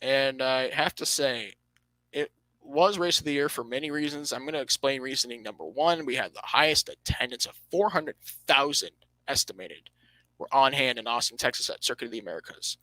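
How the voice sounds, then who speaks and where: Bright-voiced man talking racing. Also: mid-range voice, brisk, no room sound, poor audio. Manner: animated, emphatic, restarts and self-corrections. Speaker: podcast host. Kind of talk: motorsport podcast commentary.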